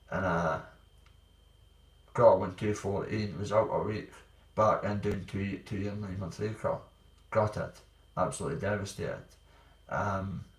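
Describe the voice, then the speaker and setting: A Scottish man telling his own hard stories in a blunt, rambling way, swearing freely. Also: on the low side. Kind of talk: candid personal storytelling. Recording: roomy sound, distant from mic.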